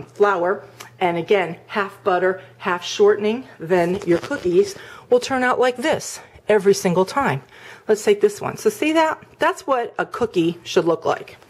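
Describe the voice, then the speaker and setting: A middle-aged woman chatting casually in a home cooking vlog, rambling with lots of "like" and "um" while she shows the dough with her hands. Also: mid-range voice. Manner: demonstrates with hands while talking.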